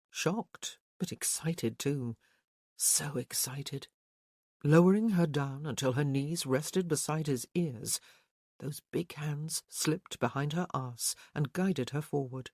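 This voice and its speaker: An audiobook narrator giving a slow, even storytelling read of a romance novel. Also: medium pitch, no room sound, studio quality.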